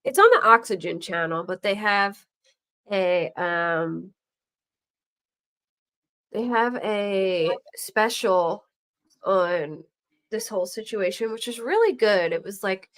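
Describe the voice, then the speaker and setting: A woman's voice: mid-range voice, slow, long pauses. A middle-aged woman hosting a true crime talk show, chatting casually and acting out the people in her stories. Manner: animated storyteller, acts out quoted voices. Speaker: true crime podcast host. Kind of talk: casual chat.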